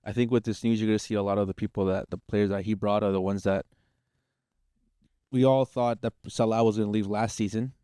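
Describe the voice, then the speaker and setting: A man's voice: fairly low pitch, fairly even intonation, fairly quick, warm tone, clean tone, no echo, clean studio sound. A young man co-hosting a casual football podcast, loose and slangy, laughing often. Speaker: podcast co-host. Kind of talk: casual sports chat.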